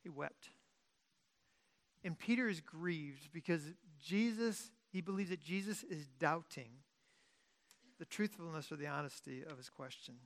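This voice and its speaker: A pastor preaching a sermon in a conversational way, often restarting and correcting himself, and moving between loud emphasis and quiet asides. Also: medium pitch, measured pace, long pauses.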